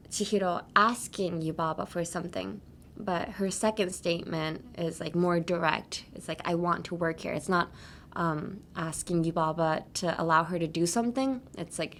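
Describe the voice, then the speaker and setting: A woman's voice: fairly low pitch, slight background noise. A woman hosting a casual language-lesson podcast. She explains phrases in a loose, chatty way, full of "like" and "um", and switches between English and Japanese. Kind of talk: casual teaching chat.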